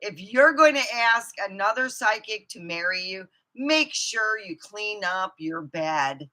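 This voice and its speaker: A woman ranting profanely to her camera, swinging from low muttering to outbursts of shouting. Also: lively intonation, measured pace. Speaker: vlogger. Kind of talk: angry ranting monologue.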